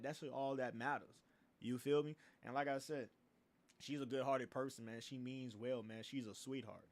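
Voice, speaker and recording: A young man hosting a livestream, ranting in a casual, profane way with laughs and repeated filler phrases. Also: medium pitch. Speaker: livestream host.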